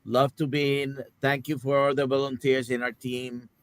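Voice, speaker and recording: A man's voice: medium pitch, little pitch movement, normal speed, dry recording. Puerto Rican man with a Spanish accent. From Puerto Rico. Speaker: doctor and co-host. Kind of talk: casual live-stream chat.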